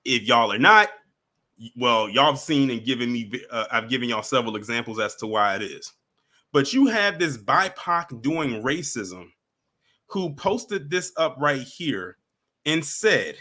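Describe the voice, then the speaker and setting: Bright-voiced man giving casual commentary. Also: mid-range voice, very animated, unhurried. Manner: talks straight to viewers, emphatic, repeats himself. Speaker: commentary vlogger.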